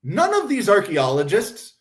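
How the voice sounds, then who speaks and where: A man's voice: high voice, wildly swooping pitch, a little slow. A man hosting a casual commentary stream, talking bluntly with a sardonic, profane edge. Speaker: host.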